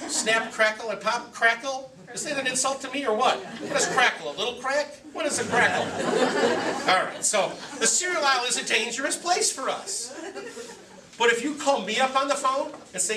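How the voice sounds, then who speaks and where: Speaking at a normal pace, this man has a very high-pitched voice against a noisy background. As a recovery speaker, he tells stories to a meeting in a direct, joking way, voicing quotes and his inner thoughts aloud. It was captured from afar in a room with lots of echo.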